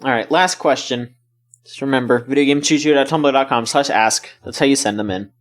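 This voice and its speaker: A man co-hosting a gaming podcast, chatting casually in a relaxed, rambling way with frequent laughs. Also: mid-range voice, fairly quick. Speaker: podcast co-host. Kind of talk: casual chat.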